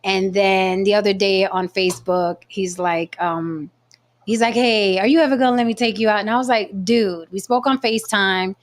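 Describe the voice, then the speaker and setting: A woman hosting a casual chat show, telling a story in a blunt, profane, animated way. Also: mid-range voice, moderate pace. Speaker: podcast host.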